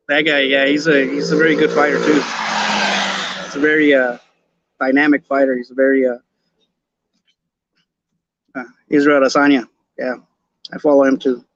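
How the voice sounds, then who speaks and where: A man's voice: medium pitch, fairly even intonation, a little slow, pauses often, fairly bright tone, muffled recording. A man from Los Angeles with a Chicano accent, hosting a podcast in loose live-stream chat, full of slang and restarts. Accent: Chicano English. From Los Angeles, California. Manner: laid-back slangy talk, many restarts and repeated words. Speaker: podcast host.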